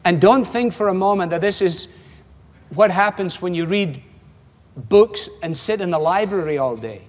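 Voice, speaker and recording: With a high-pitched, lively voice at normal speed, a man in his seventies preaches in a Scottish accent, keeping the sermon wry and conversational and acting out quotations. A long hall reverb colors the audio.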